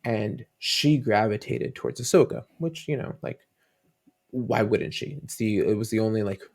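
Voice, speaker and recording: Brief: a dad guesting on a fan chat show, rambling and warm-hearted, with gravelly vocal fry. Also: male voice, on the low side, moderate pace. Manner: rambling storytelling with many fillers and restarts. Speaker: podcast guest. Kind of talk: casual interview chat.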